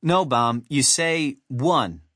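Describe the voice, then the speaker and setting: A man's voice: medium pitch, animated, normal speed, a bit bright, no room sound, natural voice. A man voicing a grumpy, sarcastic male bird hero in a storybook reading. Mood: gruff. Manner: gruff, dry sarcasm.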